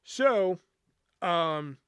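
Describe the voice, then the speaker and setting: A man's voice: high-pitched, extremely slow, clean tone, no echo. A man hosting a podcast, telling a personal story in a casual, profane, rambling way. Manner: profane, rambling, animated retelling. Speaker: podcast host.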